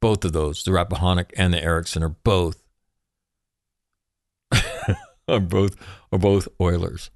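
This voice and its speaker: Brief: deep-voiced male commentator, ex-Marine, irreverent and profane, dry close sound. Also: fairly even intonation, a little slow, creaky, long pauses, darkish tone, dry recording. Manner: sarcastic, profane asides, jokey. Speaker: military news commentator, former Marine. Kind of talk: casual news commentary.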